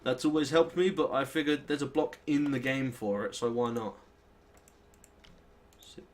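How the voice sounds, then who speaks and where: A young British man hosts his gameplay session in loose, rambling commentary. He thinks out loud and pokes fun at his own mistakes, in a middle-pitched voice close to a desk mic. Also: normal speed. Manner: rambling, self-deprecating, thinks aloud while playing. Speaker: let's play host.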